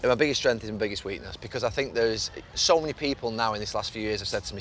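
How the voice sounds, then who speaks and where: A man's voice: lowish voice, lively intonation, fast, a bit bright, slight background noise. A man from the north of England, talking earnestly in a casual conversation while walking and repeating words as he thinks. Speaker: podcast host and pundit. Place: city park outdoors with traffic.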